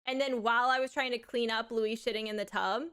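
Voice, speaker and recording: A woman live streamer chatting casually with crude, excitable, giggly banter. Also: on the high side, fairly quick, clear, resonant tone.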